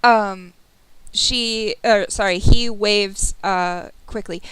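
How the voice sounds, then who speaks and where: Unhurried woman narrating as game master. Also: mid-range voice, clear, resonant tone, dry recording, rough recording. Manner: relaxed, unhurried, with many fillers.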